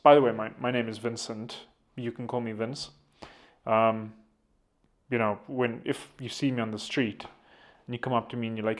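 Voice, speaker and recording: A man's voice: mid-range voice, animated, moderate pace. A man hosting a podcast, talking in a rambling, casual monologue full of fillers and self-corrections. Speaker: podcast host.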